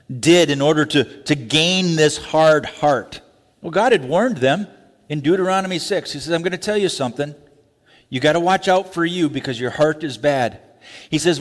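A man preaching a sermon, animated, acting out quick voices and laughing asides. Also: a little high. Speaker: pastor. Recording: long hall reverb.

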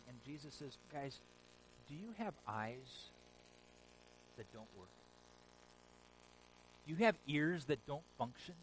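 A man preaching a sermon, retelling scripture stories in a lively, casual modern way. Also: fairly high pitch, a little hiss or hum, rough recording. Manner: animated storytelling, paraphrasing scripture in casual modern speech.

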